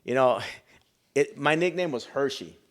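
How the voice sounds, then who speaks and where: A man's voice: mid-range voice, lively intonation, a little slow. Middle-aged man from Chicago, podcast guest, earnest storyteller who voices the people he quotes. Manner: earnest, emotional storyteller acting out dialogue.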